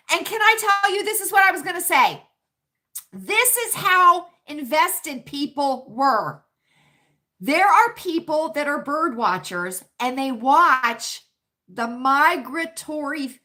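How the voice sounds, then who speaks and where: A woman's voice: sits high, pushed and bright. An American woman hosting a casual livestream chat, talking dramatically to her viewers and calling them friends. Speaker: livestream host.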